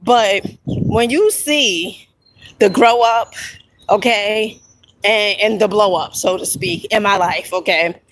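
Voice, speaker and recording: A woman records an inspirational vlog on her phone outdoors. Her voice sits in a middle range, with a faint hiss behind it. She speaks emphatically, checks in with "okay?" over and over, and slips into excited whoops. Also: mid-range voice, slow, low-quality recording. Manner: emphatic, peppers talk with "okay?" and "honey". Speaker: inspirational video creator. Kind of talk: motivational vlog talk.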